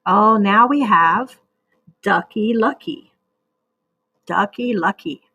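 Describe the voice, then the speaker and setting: A woman teacher leading a recorded reading lesson for young children, speaking slowly and patiently and sounding out words. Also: mid-range voice, bright, forceful tone, no room sound, lo-fi sound.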